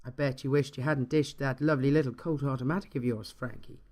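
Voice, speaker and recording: A man voicing a small, friendly Irishman who talks in a soft, relaxed and knowing way. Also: mid-range voice, close to an everyday voice. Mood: calm, knowing. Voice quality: soft-spoken. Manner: relaxed, unhurried.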